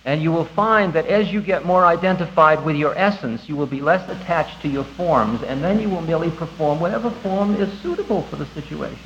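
A man giving a conversational spiritual talk to an audience, animated and laughing at himself. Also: a little high, brisk, few pauses, slight background noise. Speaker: spiritual teacher. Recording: dull lo-fi recording with faint ambience.

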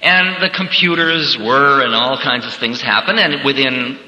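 A man's voice: mid-range voice, unhurried, sharp tone, muffled recording, slight background noise. A man giving a reflective, conversational workshop talk as a spiritual teacher, now and then acting out little scenarios. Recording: echoey hall with long reverb.

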